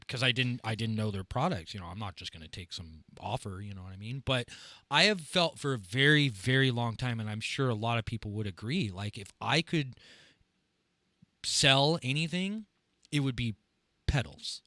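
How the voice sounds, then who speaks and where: Bright-voiced man rambling casually. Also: medium pitch, animated, moderate pace, no room sound. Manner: rambling, full of fillers and restarts. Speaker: podcast host and drummer. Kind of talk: casual interview chat.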